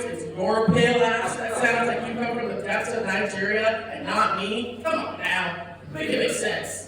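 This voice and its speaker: A woman doing a stand-up set in a comedy club, with a brash, profane, punchy delivery. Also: mid-range voice. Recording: echoey club heard from far off with noise.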